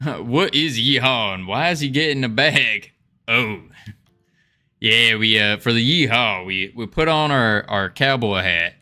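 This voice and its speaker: A man's voice: mid-range voice, big pitch swings, unhurried, pushed and bright. A man streaming his game development, chatting casually and reading chat aloud, chuckling often as he rambles. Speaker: game dev livestreamer.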